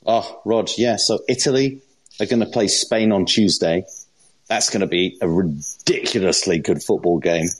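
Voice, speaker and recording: A man co-hosting a football podcast who makes his points in an earnest, measured, analytical way. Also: sits low, breathy edge. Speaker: podcast co-host.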